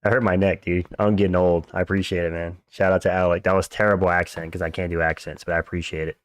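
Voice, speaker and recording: Deep-voiced man streaming casual fight chat. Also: level tone, quick pace, no echo. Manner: slangy, chatty, thanks viewers for donations. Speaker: livestream host. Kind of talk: casual live fight-watch commentary.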